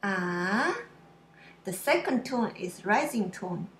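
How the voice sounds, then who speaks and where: A woman teaching pronunciation in a slow lesson, drawing out syllables and explaining them simply. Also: fairly high pitch, animated, a bit bright, roomy sound, slight background noise. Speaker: Mandarin teacher.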